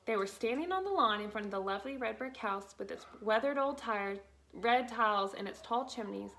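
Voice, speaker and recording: Lady reading a kids' book out loud, steady and clear, kinda high voice. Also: a little fast, slight background noise. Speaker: narrator. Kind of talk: children's book read aloud.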